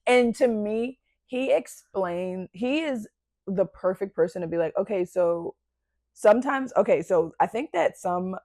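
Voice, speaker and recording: A woman comedian from Baltimore, with a Baltimore accent, chatting casually on a podcast and slipping into quick mock voices. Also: mid-range voice, no room sound. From Baltimore, USA. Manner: animated, slips into mock voices and quick asides.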